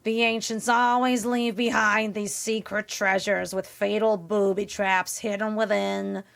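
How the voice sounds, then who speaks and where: A woman puts on the voice of a sour, slow old female monster. The sound is low and gravelly with a nasal pinch, and each word is drawn out in a flat drawl. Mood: deadpan. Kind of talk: reading game dialogue in a put-on voice.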